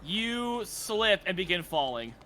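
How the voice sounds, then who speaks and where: A man's voice: high-pitched, sing-song, slow pace, sharp tone. A man narrating as dungeon master in a laid-back, joking way, swearing casually. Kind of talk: narrating a tabletop game.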